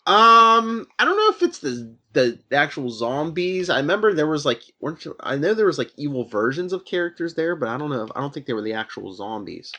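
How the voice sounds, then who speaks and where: A man's voice: fairly high pitch, sing-song, fairly quick, few pauses, sharp tone. A man hosting a podcast, casually retelling a comic book plot with lots of fillers and rambling asides. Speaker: podcast host.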